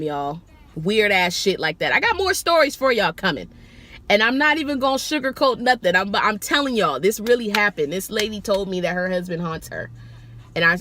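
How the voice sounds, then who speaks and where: A woman who drives for a rideshare service tells a story to camera in a casual, animated way, with lots of exclamations and swearing. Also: mid-range voice. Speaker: rideshare driver telling stories.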